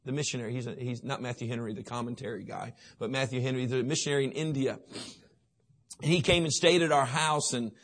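A man's voice: medium pitch, fairly even intonation, quick pace. A man preaching a sermon to teenagers, emphatic and repetitive, often asking his listeners questions. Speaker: youth pastor.

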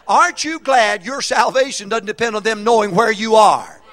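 Animated preacher man, lively high voice. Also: moderate pace. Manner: animated, humorous, call-and-response preaching. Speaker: pastor. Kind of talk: sermon. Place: church auditorium.

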